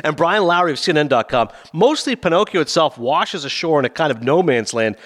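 Fast-talking animated male film reviewer. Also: fairly high pitch. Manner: fast, animated, acts out scenes in quoted voices. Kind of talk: casual chat.

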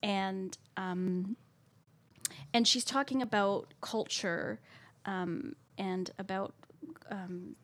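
A woman in her forties co-hosts a relaxed book chat in a mid-range voice. She hesitates often, fills gaps with ums, and slips into careful reading when quoting passages. The sound is close and dry. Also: mid-range voice, very slow, dry recording. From Canada. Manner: hesitant, lots of ums, reads passages aloud. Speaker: podcast co-host. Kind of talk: casual book-club chat.

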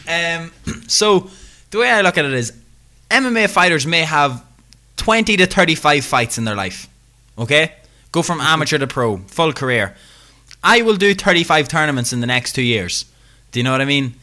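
A man's voice: on the high side, pushed and bright. A young Irish man co-hosting a podcast, chatty and jokey, talking himself up. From Ireland. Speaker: podcast co-host. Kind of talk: casual podcast chat.

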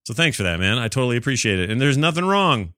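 A man's voice: medium pitch, big pitch swings, fast talker, bright, forceful tone, no echo, clean studio sound. A man hosting a gaming podcast alone, reading listener emails aloud and answering them in a chatty, rambling, self-deprecating way. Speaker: podcast host.

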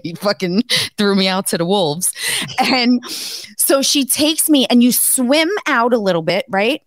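A woman's voice: a little high, a little slow, no echo. A woman co-hosting a podcast, telling stories with lots of swearing and laughter in a casual chat. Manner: animated storyteller, swears freely, laughs often. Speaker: podcast co-host.

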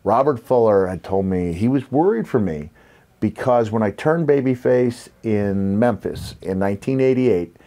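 A man in his fifties with a slight New York accent tells stories on a podcast. His voice sits on the low side. He is reflective and rambling, and he leans on fillers as he talks. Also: animated, normal speed, dark tone. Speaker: podcast host, former wrestler. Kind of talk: casual storytelling chat.

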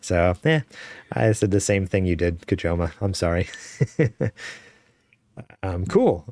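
A man's voice: deep voice, animated, slow pace, darkish tone, dry recording, studio quality. A man co-hosting a casual gaming news podcast, enthusiastic, laughing often and reading news stories aloud over a call. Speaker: podcast co-host.

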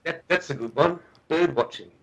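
A man's voice: on the high side, moderate pace, creaky, slight background noise, low-quality recording. A middle-aged man, a guest researcher, telling a story in a podcast interview, earnest and often restarting and repeating his words. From Australia.

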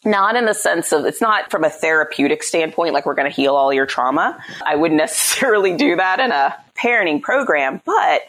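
A woman's voice: deep voice, lively intonation, fairly quick, hardly any pauses, a bit bright. A woman psychologist and parenting coach explaining her ideas in a conversational interview, often checking in with "right?".

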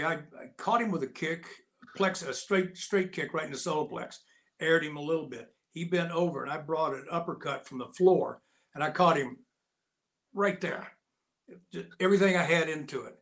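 An older man, a guest, telling lively personal stories in casual talk and acting out the voices of people in them. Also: a little high. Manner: lively anecdotal, acts out quotes. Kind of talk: casual storytelling.

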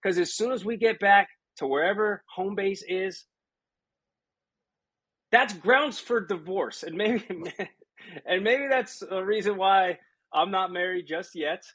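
A man's voice: high voice, slow, fairly bright tone, slightly rough. A man co-hosting a casual podcast chat, talking in emphatic, joking banter. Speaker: podcast co-host.

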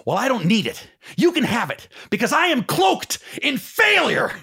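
A man doing a desperate male sports agent, high-pitched and strained, with the voice cracking toward a cry as he pours out his heart. The tone swings wildly from one phrase to the next. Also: huge pitch swings, moderate pace, creaky, pushed and bright, husky, full character voice. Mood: overwrought. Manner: emotional, rising to a cry.

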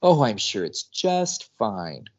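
Guy doing a soft soothing young woman, kinda low, lo-fi. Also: very animated, slow pace, heavily acted. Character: gentle caring young woman.

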